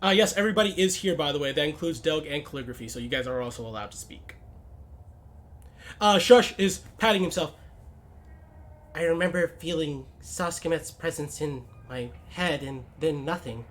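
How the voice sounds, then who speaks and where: Animated male game master. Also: normal speed. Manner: lively, animated narration with booming quoted lines. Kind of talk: narrating a tabletop game.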